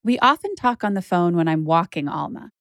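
A woman's voice: on the low side, animated, brisk, no echo, clean studio sound. A woman hosting a podcast, telling a personal story in a candid, conversational way with lots of "like.". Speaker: podcast host and narrator.

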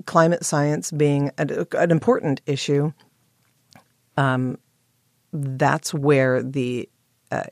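A woman playwright, hoarse with morning voice, clearing her throat and answering interview questions thoughtfully with pauses and restarts. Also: sits low, darkish tone, no room sound, clean studio sound. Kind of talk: interview guest.

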